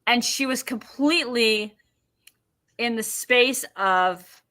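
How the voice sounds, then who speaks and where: Bright, animated woman telling stories. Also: on the high side, slow pace. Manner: animated storyteller acting out quotes. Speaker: podcast guest, emotion healer. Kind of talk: podcast interview storytelling.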